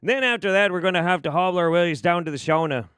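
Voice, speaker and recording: A man voicing a brash troll from Michigan's Upper Peninsula, with a put-on Yooper accent, loud and swearing. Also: high-pitched, fast talker, clear, resonant tone, dry recording, clean studio sound, voice pushed up. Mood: taunting.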